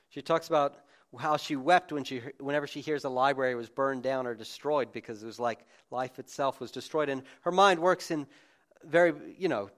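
A man preaching a conversational sermon to a gathered congregation, speaking informally with frequent restarts and asides. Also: a little high. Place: room with a live congregation.

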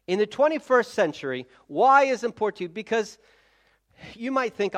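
A man's voice: high voice, big pitch swings, brisk, a bit bright. A man preaching a conversational sermon as a pastor, talking straight to his listeners and often restarting his sentences. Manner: chatty, self-correcting, direct address to listeners.

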